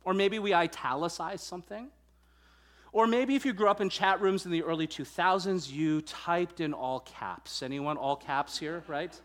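A man preaching a sermon. He reads scripture in a measured way and then talks conversationally and playfully, asking the congregation questions. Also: on the high side, a bit bright. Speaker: pastor.

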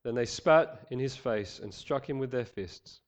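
A man preaching a sermon, praying and reading scripture in an earnest, measured way, slightly nasal from a head cold. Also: mid-range voice. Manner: earnest, measured, some fillers.

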